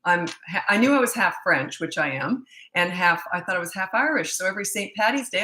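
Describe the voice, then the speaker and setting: A woman's voice: mid-range voice, lively intonation, brisk, pushed and bright. Chatty older woman in an echoey room. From Canada. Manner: chatty and self-mocking, laughs often. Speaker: parenting coach. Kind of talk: casual livestream chat. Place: at home in British Columbia.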